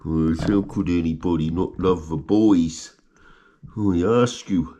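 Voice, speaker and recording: A man's voice: low voice, takes it slowly, dark tone, a little hiss or hum. A man filming his pet rats and chatting to them fondly, often asking "Hey?". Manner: fond, coaxing, keeps asking "Hey?". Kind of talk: casual chat to pets.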